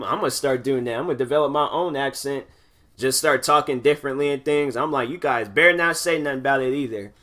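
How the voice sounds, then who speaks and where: A man's voice: medium pitch, fairly bright tone. A young man hosting a podcast who talks in a rambling, casual way, full of fillers and restarts. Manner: rambling, filler-heavy talk with many restarts. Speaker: podcast host. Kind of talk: casual monologue.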